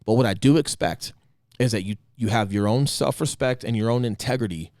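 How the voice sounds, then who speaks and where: A man co-hosting a casual podcast chat, talking with emphatic passion and swinging between loud bursts and quiet asides. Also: mid-range voice, fairly quick, dry recording, clean studio sound. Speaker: podcast co-host.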